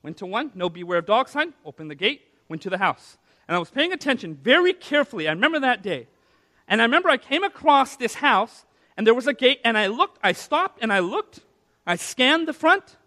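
A man preaching a sermon in a church, telling a personal story in a conversational way with asides to the audience, then slowing down to press key words for emphasis. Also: very high voice, big pitch swings, bright, forceful tone, in a large hall. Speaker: pastor. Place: church sanctuary.

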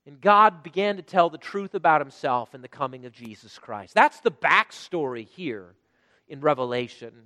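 A man's voice: fairly high pitch, animated, moderate pace, pushed and bright, in a large hall. A pastor preaching a sermon to his congregation with dynamic delivery, asking them rhetorical questions.

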